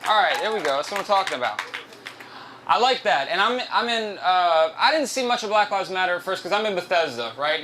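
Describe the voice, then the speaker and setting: A man's voice: high voice, poor audio. A man doing a stand-up comedy set at a live venue, loose, profane and self-mocking, on a handheld stage mic.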